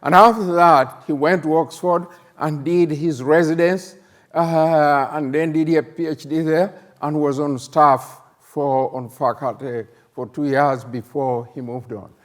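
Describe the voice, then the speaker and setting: An older man from Uganda, a professor hosting a plenary session, speaking in a halting way with many fillers and emphatic rhetorical questions. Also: fairly high pitch, steady tone. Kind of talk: conference plenary talk.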